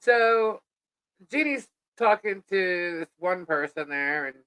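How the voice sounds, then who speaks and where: A middle-aged woman co-hosting a live podcast, chatting casually and telling an animated story in which she acts out what people said. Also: fairly low pitch, takes it slowly, no room sound, low-quality recording. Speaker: podcast co-host.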